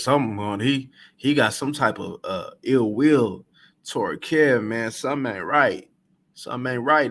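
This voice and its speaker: Male reaction host, slangy and rhetorical, with a bright, forceful tone. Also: a little high. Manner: slangy, rhetorical, repeats himself. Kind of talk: casual reaction commentary.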